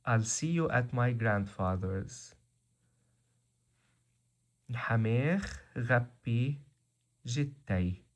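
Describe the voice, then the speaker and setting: A man giving a language lesson, reading out words slowly and deliberately one by one. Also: mid-range voice, lively intonation. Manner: slow, deliberate, spells out word by word. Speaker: language teacher.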